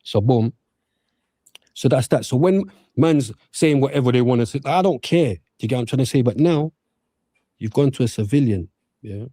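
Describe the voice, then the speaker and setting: A man's voice: medium pitch, expressive, normal speed, warm tone, no echo. A man speaking in a response video, defiant and repeating "do you get what I'm saying".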